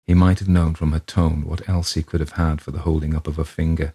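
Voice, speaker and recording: A man reading a classic story aloud in a measured, deliberate way. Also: very deep voice, flat delivery, mellow, slightly rough. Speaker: audiobook reader. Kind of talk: storybook narration.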